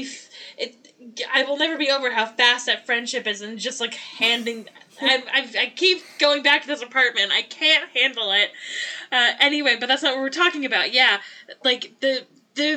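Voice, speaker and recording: Woman co-host, high and bright, eager and chatty with lots of restarts. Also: moderate pace. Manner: enthusiastic, rambling with restarts. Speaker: podcast co-host. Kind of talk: casual movie review chat.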